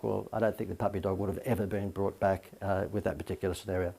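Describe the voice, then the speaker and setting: A man's voice: low-pitched, level tone, fast, creaky, mellow, breathy edge. A man teaching a business marketing lesson as a coach, talking in a chatty, informal way with many fillers and asides.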